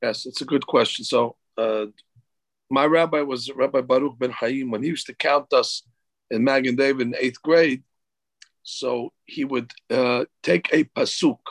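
Rabbi guy teaching a torah class, gravelly husky voice, dry sound. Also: mid-range voice, no room sound, rough recording. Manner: explains slowly, translating Hebrew verses into English.

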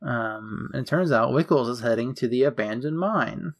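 Gravelly man casually recapping a movie. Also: medium pitch, moderate pace. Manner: relaxed, chatty, with filler words. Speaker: podcast co-host.

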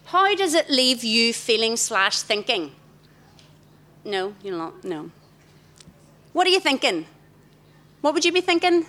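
A middle-aged woman, giving an animated talk to young people in a festival tent and questioning the crowd directly. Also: a little high, unhurried, long pauses. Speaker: youth event speaker. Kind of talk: interactive talk to a young audience. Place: large festival tent, live audience.

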